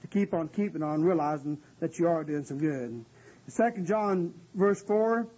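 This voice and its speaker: A man preaching a sermon and explaining scripture in an earnest, conversational way, often pausing with "uh.". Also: a little high, animated, mellow, husky. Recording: dull lo-fi recording.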